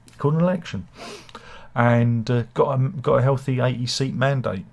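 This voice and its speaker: A man's voice: medium pitch, moderate pace, creaky. Man with a cold, rambling and jokey. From United Kingdom. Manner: rambling and hesitant, many fillers and restarts, jokey asides. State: has a cold, slight cough. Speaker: host of a live chat show. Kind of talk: casual opinionated chat, reading viewer comments.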